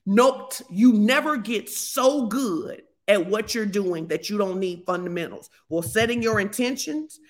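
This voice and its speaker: A middle-aged woman pastor delivering a sermon, animated and emphatic, repeating key lines for effect. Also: mid-range voice, measured pace, hardly any pauses.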